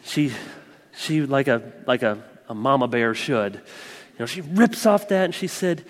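A man's voice: mid-range voice, animated, unhurried. Impassioned man preaching in echoing hall. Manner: passionate preaching with emphatic repetition. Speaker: pastor. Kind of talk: sermon. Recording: long reverb from a large room.

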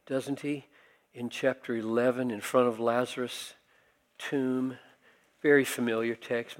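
An older man preaching a sermon, talking conversationally and rising to forceful emphasis. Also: medium pitch. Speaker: pastor.

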